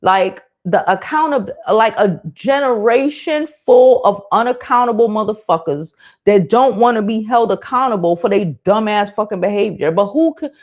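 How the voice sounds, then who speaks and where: A woman's voice: medium pitch, moderate pace, a little mellow. A woman in her thirties hosting a live stream, venting bluntly in casual, profane talk. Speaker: livestream host. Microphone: streaming mic. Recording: dull lo-fi stream audio.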